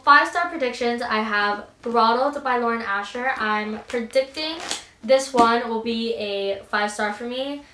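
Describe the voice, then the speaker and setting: A woman chatting casually in a book vlog, gushing and animated, with many fillers and restarts. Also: on the high side, echoey room, far from the mic. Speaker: book vlogger.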